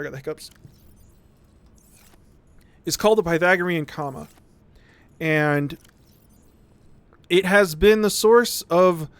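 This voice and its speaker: A male streamer explaining music theory in a rambling, casual way while playing a game, often checking in with "right?". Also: a little high. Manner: rambling, repeats words, says "right?" often.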